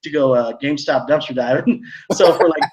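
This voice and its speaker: Rambling man with a higher voice. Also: fairly quick, background noise. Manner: rambling storyteller, many likes and restarts. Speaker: co-host. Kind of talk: casual storytelling chat.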